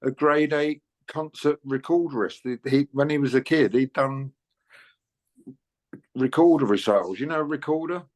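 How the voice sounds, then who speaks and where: An older man tells stories in a relaxed interview. He rambles a little, drops in "you know" often, and chuckles along the way. His voice sits at an ordinary middle pitch. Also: moderate pace. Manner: chatty, anecdotal, laughs often, many "you know"s. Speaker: interviewed musician. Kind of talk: casual storytelling interview.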